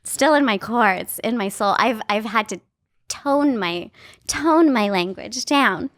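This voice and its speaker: A woman in her thirties from Canada, a guest on a podcast, chatting in a playful and animated way. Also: a little high, a little slow, no echo, clean studio sound. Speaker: guest, actress and voice actor. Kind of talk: casual podcast chat.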